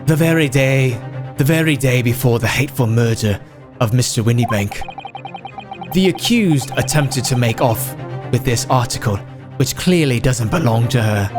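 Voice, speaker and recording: A man's voice: medium pitch, animated, moderate pace, pitched below the performer's own voice, close to an everyday voice. A man voicing a haughty, contemptuous aristocratic prosecutor in grand, formal courtroom speech, with game music behind. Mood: scornful. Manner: pompous, formal courtroom oratory.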